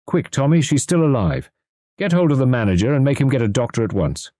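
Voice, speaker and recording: Spirited young woman detective, voiced by a male narrator, quick and impulsive, lifted pitch, lively delivery, for a storybook. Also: breathy edge, no echo, studio quality, full character voice. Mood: urgent.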